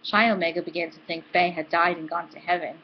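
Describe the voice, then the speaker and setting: Woman reading a novel aloud, lowish voice. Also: steady tone, fast talker, muffled recording, slight background noise. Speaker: book club host reading aloud.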